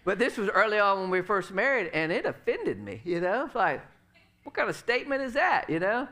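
A man's voice: sits high, big pitch swings, a little fast, bright, forceful tone. A middle-aged male pastor preaching a sermon in a loose, conversational way, peppering his lines with "you know" and "uh.".

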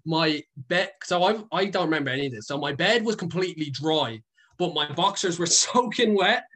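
A young man guesting on a show, a content creator, tells a story casually, rambling with plenty of fillers, frequent swearing, and lots of laughing. His voice is fairly high, a bit bright, and animated, at normal speed.

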